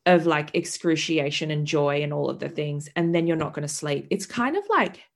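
A woman in her thirties, a podcast guest, telling a vivid, expressive story in candid conversation, swearing freely and acting out the voices of others. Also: deep voice, normal speed.

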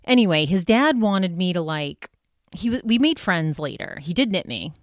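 Chatty low-voiced woman podcaster. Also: lively intonation, moderate pace, dry recording, clean studio sound. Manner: chatty and candid, frequent "like" and "you know". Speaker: podcast host. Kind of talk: casual solo podcast monologue.

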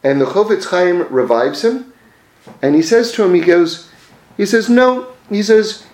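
A man's voice: sits high, animated, normal speed, darkish tone, reverberant. A man telling religious teaching stories in a conversational way, with frequent fillers and self-corrections. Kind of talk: storytelling religious lesson.

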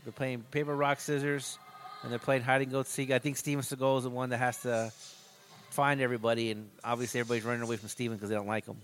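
A man with an ordinary mid-range voice riffs on a movie in loose, profane commentary. He mocks what he sees with jokes and fast reactions. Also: mid-range voice, little pitch movement, fairly bright tone, a little hiss or hum. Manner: mocking, joking, quick reactions. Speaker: co-host riffing on a movie.

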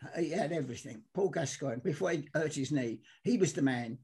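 An older man from telling animated, rambling stories as a guest, acting out the people he quotes. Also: a little high, fairly quick, a little hiss or hum. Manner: excitable, rambling, acts out quoted dialogue. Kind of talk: animated storytelling.

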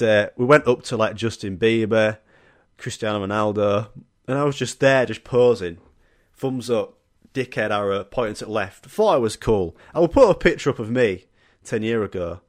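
Young Yorkshire man, solo podcast host, mid-pitched, dry close sound, chatty storyteller who laughs a lot. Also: no room sound. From Yorkshire, England. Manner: laughs often, swears, acts out quotes.

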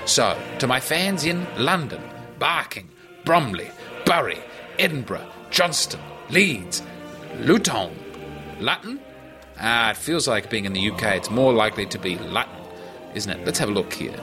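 A man hosting a podcast alone, rambling playfully and swooping his pitch for jokes, with music behind him. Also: expressive, normal speed. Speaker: podcast host. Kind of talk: rambling comedic monologue.

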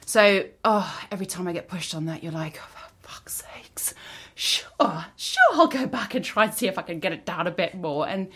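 Woman guest, low-ish voice, lively ranting delivery, plays out little voices. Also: fairly quick, few pauses, slightly rough. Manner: animated ranting, acts out quoted voices. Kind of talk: casual podcast chat.

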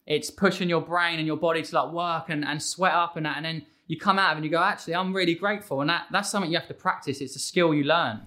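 A man with a bright, forceful voice and a slightly high pitch who rattles along at speed. He is a fitness trainer in a relaxed interview conversation, excitable and emphatic, and he tumbles from one thought into the next. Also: fast talker, few pauses.

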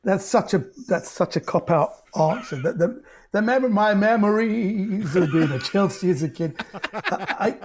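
A man, a podcast guest telling stories in an animated way, full of restarts. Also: high voice, measured pace, slightly rough. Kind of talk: casual storytelling.

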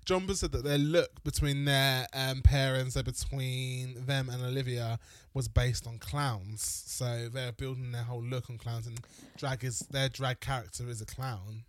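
A man's voice: mid-range voice, steady tone, measured pace, few pauses, no echo. Guy cohosting a chat podcast, blunt and sweary, dry close sound. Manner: chatty, blunt and swearing freely. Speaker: podcast co-host. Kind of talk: casual chat. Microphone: handheld mic.

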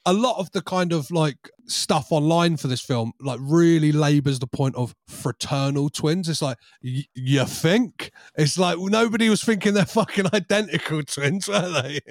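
Wry, slightly high-voiced podcast host. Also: male voice, normal speed, hardly any pauses, no echo, clean studio sound. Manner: wry, laughing, swearing. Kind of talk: casual film-review chat.

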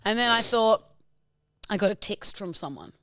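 A young woman, her voice raspy and hoarse after a tiring weekend, telling a bubbly, giggly story as a podcast co-host. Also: mid-range voice, expressive, moderate pace, heavy background noise. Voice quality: raspy, partly lost voice. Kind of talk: casual chat.

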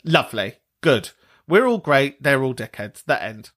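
A British man hosting a podcast, talking in a sweary, animated rant with laughter between points. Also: mid-range voice, measured pace. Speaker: podcast host. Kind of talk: casual monologue.

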